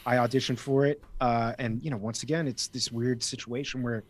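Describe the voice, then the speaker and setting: A man from Miami with a slight East Coast accent speaks fairly quickly in a mid-range voice with fairly even intonation. He's a guest actor telling stories in a casual interview, chatty and rambling, often restarting his sentences.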